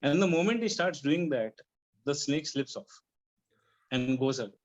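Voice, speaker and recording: A man's voice: on the high side, lively intonation, normal speed, muffled recording. A man telling a spiritual story in a devotional group discussion, acting out the voices of the people in it. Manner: acts out the dialogue of the story's characters.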